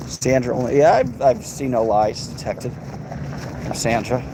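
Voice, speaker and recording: A man's voice: mid-range voice, measured pace, noisy background. An American man hosting a livestream, reading and answering chat in a crude, sarcastic, rambling way. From United States.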